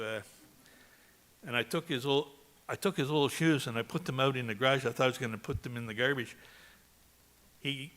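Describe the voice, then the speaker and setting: A man's voice: mid-range voice, pushed and bright. A man from Canada giving a eulogy for his brother, telling chatty anecdotes and laughing along. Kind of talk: storytelling eulogy.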